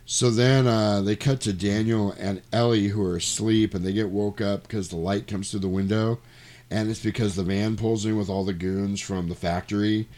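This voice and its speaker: A man's voice: on the low side, steady tone, normal speed, a little mellow. A man casually retelling a horror film's plot with profane, jokey storytelling. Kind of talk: casual movie recap.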